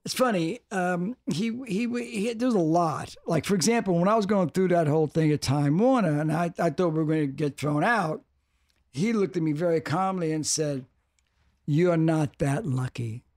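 A man's voice: sits high, normal speed, darkish tone, dry recording, studio quality. An older man talking as a podcast guest, rambling, restarting and repeating for emphasis. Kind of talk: casual interview talk.

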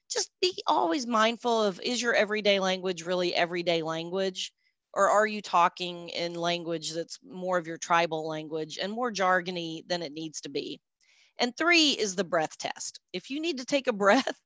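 A woman trainer giving a business writing webinar in an upbeat, conversational way with lively emphasis. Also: medium pitch, no room sound. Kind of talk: webinar presentation.

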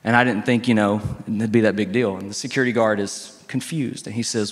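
A male pastor delivering a sermon in a church sanctuary, telling stories in a relaxed, conversational way with emphatic pauses. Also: on the low side. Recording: long reverb from a church hall.

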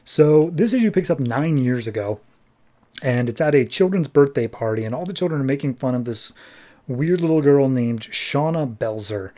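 A man's voice: medium pitch, expressive, normal speed, warm tone. A man hosting a podcast, casually recapping a comic issue in a jokey, wry way. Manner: jokey, wry, acts out quotes. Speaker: podcast host.

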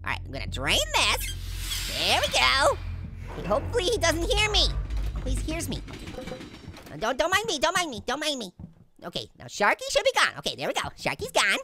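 A performer voicing a hyper, wisecracking male talking orange in a pitched-up, squeaky voice, taunting and giggling while commenting on a game. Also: wildly swooping pitch, a little fast, heavily acted. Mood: sneaky. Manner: taunting, loud exclamations, frequent laughs. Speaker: let's play host. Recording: loud game music behind the voice. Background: loud game music.

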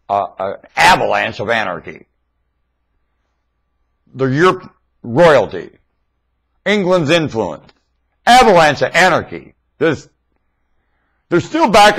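A man rambling excitedly into his webcam microphone, jumping between thoughts. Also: medium pitch, breathy edge, low-quality recording. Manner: rambling, excitable, often laughing.

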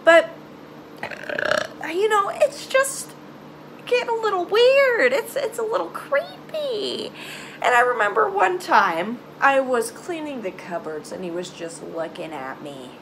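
High, animated young woman vlogger. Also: gravelly, slight background noise. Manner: halting, emotional, trails off into sighs and nervous laughs. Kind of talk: confessional storytime vlog.

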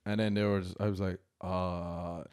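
A man's voice: low voice, flat delivery, moderate pace, darkish tone, clear, resonant tone. A man from Ireland with an Irish accent, a guest telling anecdotes in casual chat and laughing often. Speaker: guest comedian.

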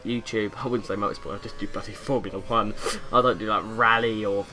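Rambling young man with a bright voice. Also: on the low side, steady tone, a little fast. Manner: rambling, jokey, slips into silly accents. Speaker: gaming YouTuber. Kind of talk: casual gameplay commentary. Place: bedroom with window open.

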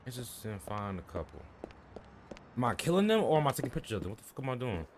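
A man giving loud, profane, joking reactions as he plays a video game. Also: mid-range voice, big pitch swings, quick pace, background noise. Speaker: gaming streamer. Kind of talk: let's play commentary.

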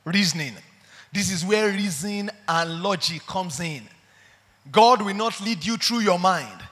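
A man preaching a sermon, animated and full of stories. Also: high-pitched, a little slow. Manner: animated, storytelling with acted quotes. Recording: long hall reverb.

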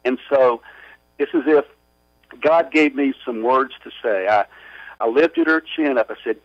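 A man telling his story as a guest in a radio interview, earnest and halting with many restarts. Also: medium pitch, no echo. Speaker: author and guest. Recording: muffled radio audio.

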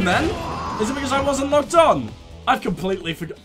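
A man's voice: very high-pitched, animated, a little fast. A man hosting a let's play, joking through the game and reading the subtitles aloud in silly voices. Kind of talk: gameplay commentary. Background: game music.

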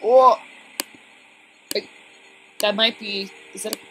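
A woman giving casual, excitable commentary on a game she is playing, chatting to her viewers. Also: mid-range voice, slow pace. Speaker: let's play gamer. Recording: steady background noise.

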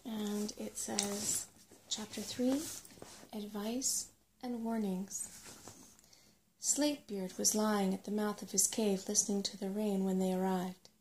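A woman reading a bedtime story aloud in a hushed ASMR voice, curled up on a sofa at home. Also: medium pitch, fairly even intonation, takes it slowly, background noise. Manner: hushed, slipping into whisper.

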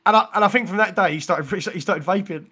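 A man with a slightly high voice tells a story on a casual podcast. He uses plenty of slang and gets loud and animated as the story builds. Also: quick pace, crowd noise. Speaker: podcast co-host.

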